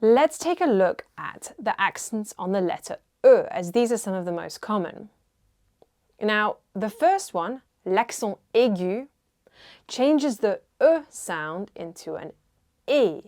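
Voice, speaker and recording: A woman teaching a French lesson at an unhurried, deliberate pace. She models each sound with care, repeating words so learners can follow. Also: mid-range voice, sing-song, darkish tone. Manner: slow, careful, models pronunciation and repeats words. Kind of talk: language lesson.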